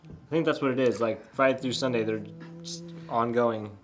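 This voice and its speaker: A man's voice: medium pitch, normal speed. Jokey laid-back man, music behind. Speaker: co-host. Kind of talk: casual chat.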